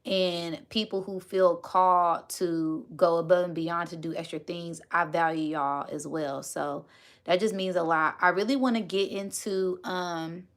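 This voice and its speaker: A woman's voice: fairly low pitch, steady tone, a little slow. A woman hosting a casual spiritual livestream, chatting with viewers and thanking them often.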